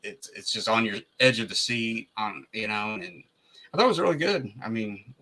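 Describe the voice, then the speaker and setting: A man from Kentucky talks movies in loose, rambling podcast chat. He leans on "you know" and restarts his thoughts often. His voice sits a little low but sounds bright and forward. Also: animated, normal speed.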